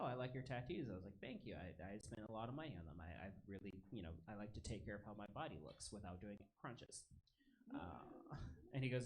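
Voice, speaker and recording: A man performing a stand-up comedy set in a club, chatting with the crowd and telling stories in a conversational way. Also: lowish voice. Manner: crowd work, conversational storytelling. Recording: noisy live club recording. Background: audience laughter.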